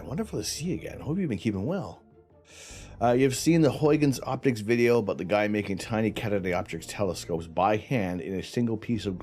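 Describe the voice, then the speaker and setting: With a fairly low, slightly mellow voice, this livestream host chats and rambles from his home setup while night imaging. His tongue and lips feel numb, and he keeps sighing.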